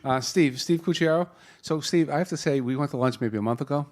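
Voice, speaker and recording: A man's voice: a little high, a little fast, a little mellow. A man with a Boston accent moderating a live panel, joking and rambling through introductions with many restarts, speaking into a handheld mic in a conference hall.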